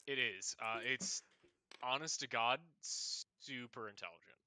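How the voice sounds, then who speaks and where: A man's voice: medium pitch, measured pace, pushed and bright, smooth. A man running a tabletop game as game master, making loose, joking, profane rulings.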